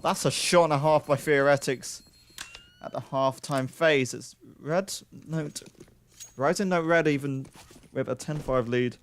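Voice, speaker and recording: Chatty male esports caster, slightly high voice. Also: measured pace, slight background noise. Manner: chatty, joking asides between calls. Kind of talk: live play-by-play commentary.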